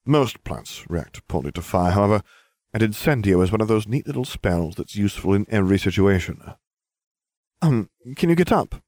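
Male reader, low voice with lively pitch, dry wry narration, close dry sound. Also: a little fast, dry recording. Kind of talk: first-person story narration.

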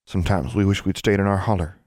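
A man voicing a quiet, slightly sharp young girl with an Ozark accent in an audiobook. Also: deep voice, fairly even intonation, fast, dry recording, studio quality, natural voice. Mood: wistful. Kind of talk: audiobook character voice.

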